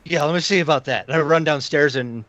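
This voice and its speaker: A man's voice: a little high, fast, a bit bright, no room sound. Male player, hesitant and stammering, dry and muffled recording. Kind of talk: casual tabletop game play.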